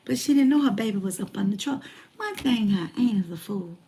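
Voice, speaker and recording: A woman in her forties telling a personal story in a lively, colloquial way, repeating phrases for emphasis. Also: medium pitch, fairly quick. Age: 40s. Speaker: motivational speaker.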